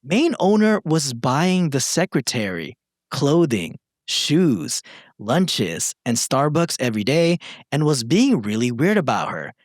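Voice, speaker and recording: A man's voice: medium pitch, slow pace, dry recording, clean studio sound. A young man, a podcast co-host reading a story aloud and then bantering casually with friends. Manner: animated, swearing banter.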